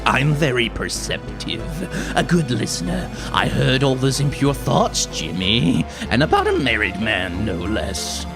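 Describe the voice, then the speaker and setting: A man voicing a sadistic male cult leader, a former minister turned monster, in a lower, softer voice. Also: huge pitch swings, measured pace, few pauses, music in the background. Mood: gloating. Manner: dastardly, sadistic and gloating.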